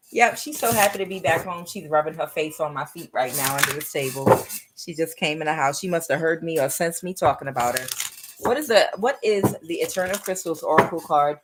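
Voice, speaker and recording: A woman's voice: deep voice, animated, a little fast, heavy background noise. A woman giving a casual spoken tarot reading in a meandering, conversational way, often drifting into chatty asides. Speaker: tarot reader.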